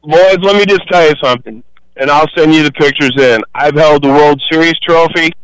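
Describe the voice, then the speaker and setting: A man's voice: fairly high pitch, fairly quick, fairly bright tone, clean tone, no echo. Boisterous older male radio caller. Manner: boisterous storyteller, acts out voices. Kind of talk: sports radio call-in. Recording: phone line.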